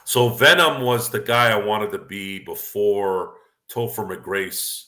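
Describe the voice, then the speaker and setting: A deep-voiced man hosts a casual talk show, talking in an opinionated and rambling way. His voice is low, bright and forceful, and he often restarts his sentences. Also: slow pace. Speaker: podcast host. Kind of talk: casual sports and movie chat.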